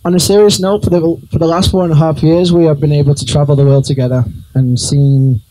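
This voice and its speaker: A man giving his speech as the groom at his wedding, sincere and halting, with frequent uhs. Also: on the high side, level tone, dark tone, slight background noise, low-quality recording. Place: wedding reception room.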